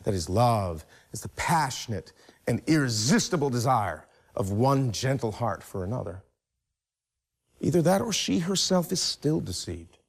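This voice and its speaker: A man lecturing on a text at an unhurried pace. His pitch rises and falls widely as he leans on key phrases and repeats them for emphasis. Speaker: literature lecturer. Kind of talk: close-reading lecture.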